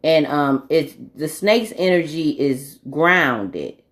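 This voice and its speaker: A woman's voice: sits low, expressive, takes it slowly. A woman vlogger in a rambling, earnest spiritual monologue, often stopping to correct herself.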